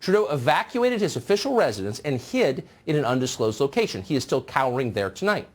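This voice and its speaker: Sarcastic husky-voiced male news host. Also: mid-range voice, sing-song, a little fast. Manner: sarcastic, mocking. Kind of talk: opinion monologue.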